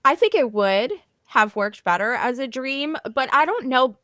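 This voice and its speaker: A woman co-hosting a podcast in casual chat, expressive and quick to laugh, filling her talk with "like" and "right". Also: high-pitched, no echo, studio quality. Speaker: podcast co-host.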